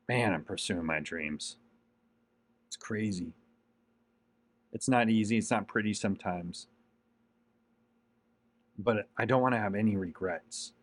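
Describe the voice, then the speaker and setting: A man hosting his own podcast, giving an earnest, repetitive motivational monologue with emphatic pushes. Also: lowish voice. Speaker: podcast host.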